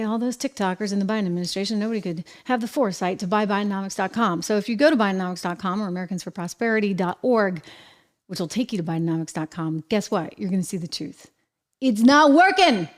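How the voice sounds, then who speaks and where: A middle-aged woman hosting her own show, talking in a chatty, upbeat monologue full of lively asides. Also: mid-range voice. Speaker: show host. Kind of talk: casual monologue to camera.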